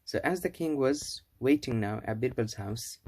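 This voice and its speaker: A man's voice: mid-range voice, animated, normal speed, a little mellow. A man telling an old fable in a casual, rambling way, correcting himself as he goes. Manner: rambling, with restarts and self-corrections. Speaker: storyteller. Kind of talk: casual storytelling.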